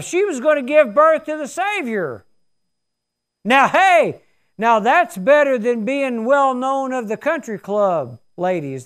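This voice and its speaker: A man in his sixties preaching a sermon, telling his story in a folksy, earnest way. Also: extremely high pitch. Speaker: pastor.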